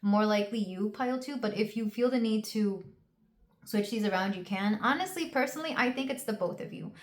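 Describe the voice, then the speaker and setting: With a mid-range voice and brisk delivery, a young woman gives a casual tarot reading to the camera, rambling emotionally with plenty of fillers and restarts. The room lends an echo to the sound.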